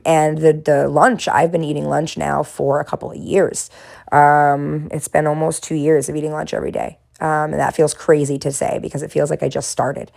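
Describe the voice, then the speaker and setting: Low, gravelly woman chatting while painting. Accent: faint Boston, mostly smoothed out. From Boston area. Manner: gentle, self-reflective, encouraging, laughs at herself. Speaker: art vlogger and therapist. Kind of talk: casual reflective talk while painting.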